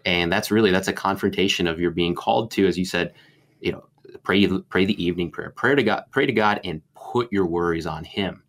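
Male pastor, deep voice, conversational Bible talk, thoughtful and rambling. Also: fairly quick, fairly bright tone. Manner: reflective, meandering with many fillers.

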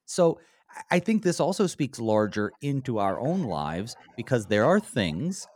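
A man leading a conversational Bible study, animated and acting out quoted lines in a lifted voice. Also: medium pitch, a little slow. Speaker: pastor.

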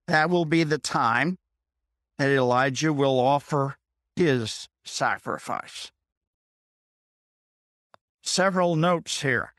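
Man, preacher, slow scripture reading, plain explanations, slightly high voice, dry sound. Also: a bit bright, no room sound. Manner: reads scripture slowly, stops to explain in plain words; repeats points and checks in with "okay?". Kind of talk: Bible reading with commentary.

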